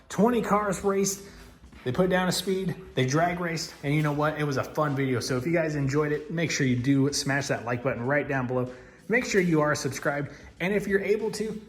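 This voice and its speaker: A man hosting diecast car races, giving excited sports-style race commentary and calls. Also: fairly high pitch. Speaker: diecast racing host. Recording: echoey room with music.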